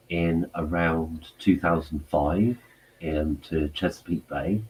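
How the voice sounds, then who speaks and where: A man telling stories in casual chat, halting and rambling with many fillers. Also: extremely low pitch, slight background noise, poor audio.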